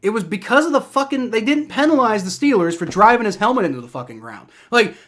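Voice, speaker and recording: A man's voice: sits high, very animated, fast, fairly bright tone. A young man streaming live football reactions and play-by-play, heated and profane, ranting with many restarts.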